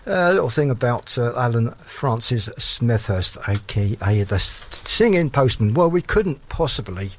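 A man presents a music show with an easygoing, conversational delivery. He talks in a relaxed, self-deprecating way and often pauses on small fillers. His voice sits at an ordinary middle pitch. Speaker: radio-style music show host.

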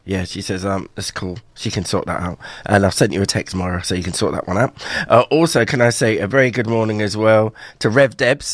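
A man's voice: on the low side, fairly bright tone, no room sound. A man hosting a local radio breakfast show in a studio, chatty and jokey, laughing often. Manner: jokey, laughs a lot, rambling. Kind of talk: chatty live radio talk.

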